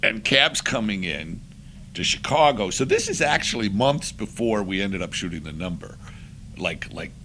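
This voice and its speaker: An older man, a podcast guest, telling anecdotes in a lively way and acting out the voices of the people he quotes. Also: on the low side, moderate pace, slight background noise. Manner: lively, acts out quoted voices, breaks into laughs. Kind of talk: anecdotal storytelling.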